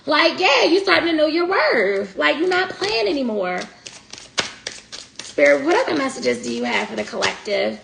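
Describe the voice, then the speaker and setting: A woman's voice: high-pitched, very animated, normal speed, creaky, a bit bright. A woman giving a casual live tarot reading, blunt and slangy, talking straight to her viewers. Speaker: tarot reader. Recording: echoey room, faint noise.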